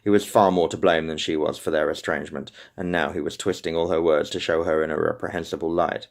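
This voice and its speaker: A man giving an unedited audiobook reading of a romance novel, steady, with small slips and restarts. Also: a bass voice, fast talker. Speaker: audiobook reader.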